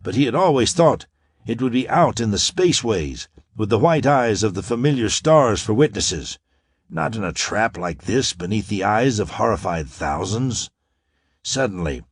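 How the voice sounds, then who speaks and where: Low guy narrating audiobook, really lively pitch, dry close sound. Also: moderate pace, breathy edge, no room sound. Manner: dramatic and expressive.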